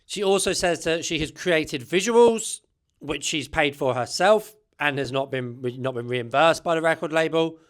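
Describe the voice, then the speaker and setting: A man's voice: a little high, fairly bright tone. A man hosting a music channel, giving chatty, opinionated commentary and often tagging sentences with "right?". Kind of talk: casual commentary to camera.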